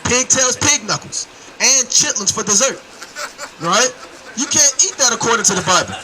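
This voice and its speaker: A man's voice: extremely high pitch, expressive, moderate pace, background noise. A man preaching on the street, emphatic and calling to his listeners as brother and man.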